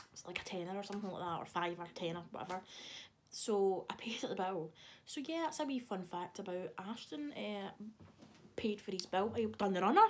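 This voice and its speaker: This young vlogger has a mid-range voice and chats casually to the camera, cursing freely and teasing someone who is off camera. Slight background noise can be heard.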